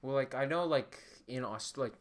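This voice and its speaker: A man's voice: medium pitch, normal speed. Rambling young man, loose casual chat. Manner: rambling, heavy on fillers and swearing, laughs often. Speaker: podcast host.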